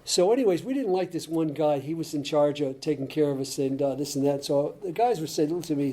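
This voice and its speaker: An older man from Connecticut telling his life story at a recovery meeting, rambling and halting with many restarts, chuckling at his own tales. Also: fairly high pitch, dark tone. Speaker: AA speaker.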